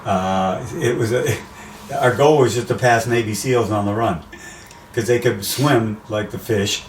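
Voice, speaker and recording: An older American man, a race announcer, telling animated stories in a casual interview. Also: lowish voice, a little slow, recorded from a distance. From USA. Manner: animated anecdotes, acts out quoted voices. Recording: roomy, off-mic, faint background noise.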